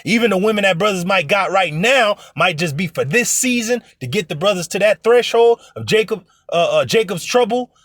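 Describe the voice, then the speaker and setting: A man's voice: high-pitched, lively intonation, fairly quick, few pauses, fairly bright tone, dry recording, studio quality. A man preaching informally to an online audience, blunt and profane, who acts out other people's voices in his stories. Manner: blunt, profane, emphatic exhortation. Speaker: religious teacher.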